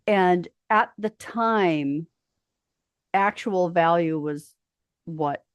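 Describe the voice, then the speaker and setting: A woman's voice: fairly low pitch, drawn-out words, smooth, dry recording. A middle-aged Australian woman co-hosting a podcast, telling stories and teasing in casual chat. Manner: chatty, teasing, leads the topics. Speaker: podcast co-host.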